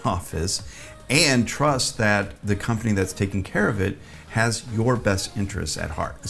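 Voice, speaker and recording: A man's voice: fairly low pitch, vocal fry. A man giving conversational business advice to camera as a sales coach, persuasive and chatty with asides. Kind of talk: direct-to-camera advice talk.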